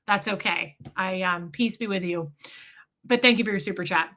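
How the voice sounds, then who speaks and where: Bright, animated woman telling a story. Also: medium pitch, moderate pace, a little hiss or hum. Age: adult, mother of a school-age son. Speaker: livestream host reading super chats. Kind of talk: casual storytelling livestream.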